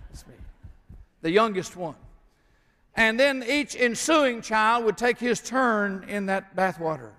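An older man preaching a sermon, a folksy, joking storyteller who pauses often with "uh". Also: sits high, bright, forceful tone, big-room sound. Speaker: pastor. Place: church sanctuary.

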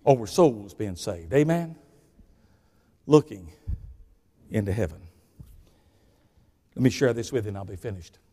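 Speaking in a mid-range voice within a large hall, an older man with a Southern US accent preaches. He spins folksy stories, alternating between shouts and quiet asides.

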